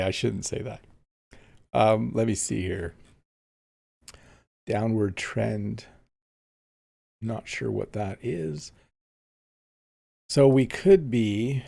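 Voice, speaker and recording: A man's voice: on the low side, gravelly, dark tone. A man teaching English on a casual live stream, chatting easily and reading viewer comments aloud while he plays a game. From Canada.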